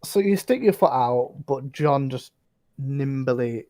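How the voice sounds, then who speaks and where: A game master running a tabletop session, narrating in halting bursts full of fillers. The pitch swings up and down a lot. It is recorded close and dry, with no room sound. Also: animated, mellow, no room sound.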